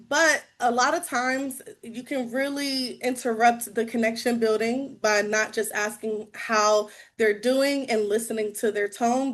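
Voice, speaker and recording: A woman's voice: on the high side, a bit bright. A bubbly, chatty woman with a slightly raised voice talks through her sales tips on a video call. She sounds casual and laughs easily, in the manner of an inside sales agent coaching a room of peers. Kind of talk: casual training talk on a call.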